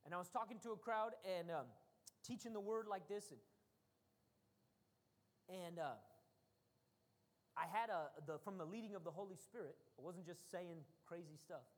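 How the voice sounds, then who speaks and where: A woman's voice: fairly low pitch, moderate pace, pauses often. Female preacher, storytelling sermon delivery that swings to emphatic peaks, long hall reverb. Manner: animated storytelling, rising to emphatic bursts.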